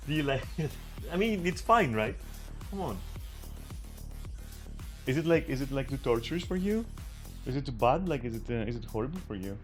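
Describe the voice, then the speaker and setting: A man talks through his game session in a loose, teasing way, swearing and joking with viewers he cannot hear. His pitch sits in an ordinary middle range. Soft game music plays faintly behind him. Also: very animated, normal speed, long pauses. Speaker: streamer. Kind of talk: casual gaming commentary.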